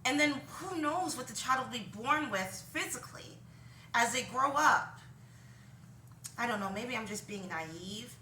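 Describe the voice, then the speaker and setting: A woman's voice: fairly high pitch, animated, measured pace, sharp tone, a little hiss or hum. A woman vlogging from her home, rambling through opinions with many ums and short laughs at herself. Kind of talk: casual opinion monologue. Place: home room with laundry behind her. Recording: roomy, distant from the mic.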